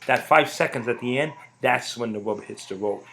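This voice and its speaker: A man's voice: mid-range voice, fairly quick, gravelly, pushed and bright, slight background noise. Blunt, profane middle-aged man ranting. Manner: blunt, profane, emphatic, repeats points. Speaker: podcast host. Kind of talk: casual ranting monologue.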